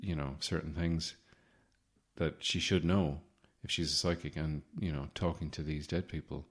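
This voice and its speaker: A man's voice: extremely low pitch, fairly even intonation, normal speed. A man hosting a podcast, giving a comedic monologue in a sardonic, rambling way with swearing. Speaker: podcast host.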